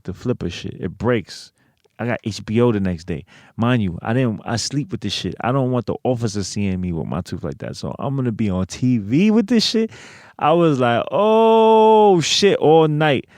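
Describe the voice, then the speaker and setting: A fairly low-pitched American man, recorded dry at studio quality, recounts a personal story as a guest in a relaxed interview. He curses freely, comes across as streetwise and relies on plenty of filler phrases.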